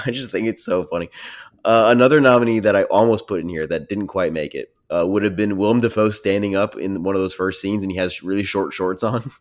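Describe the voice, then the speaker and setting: A young man with a somewhat low voice co-hosts a relaxed movie chat. His humor is dry, and he chuckles at his own picks. He talks in an easygoing, conversational way. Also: a little fast. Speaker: podcast co-host.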